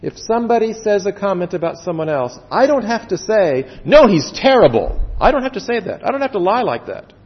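A man preaching a sermon as pastor, earnest, stretching words for emphasis and dropping suddenly to a hush. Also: high voice, expressive. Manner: earnest, with slow drawn-out emphasis and sudden drops to quiet. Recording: dull echoey hall sound.

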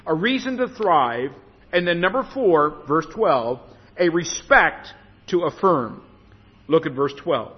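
A man preaching a sermon as a pastor, with lively rises and falls, who slows down when he reads scripture. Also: on the high side, slightly rough. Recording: dull reverberant hall sound.

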